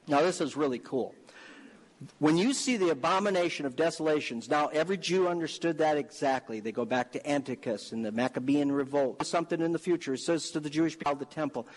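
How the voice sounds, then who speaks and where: A man's voice: fairly high pitch, fairly even intonation, quick pace, few pauses, in a large hall, low-quality recording. A male preacher delivering a sermon, reading scripture and building to emphatic, fervent exhortation.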